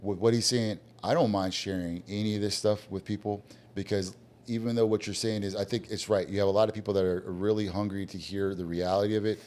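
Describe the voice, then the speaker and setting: Man, very low voice, blunt storyteller, casual podcast guest who acts out quoted dialogue. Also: steady tone, a little fast, darkish tone. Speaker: guest business owner.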